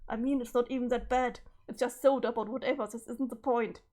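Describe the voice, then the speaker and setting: A hot-tempered teenage troll boy leader rants and swears his way through a group chat, as a woman reads him aloud. The voice sits a bit high and stays sarcastic and bossy. It sounds like a webcomic read aloud on a stream. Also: fairly even intonation, fairly quick, dark tone, lightly acted. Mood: scornful.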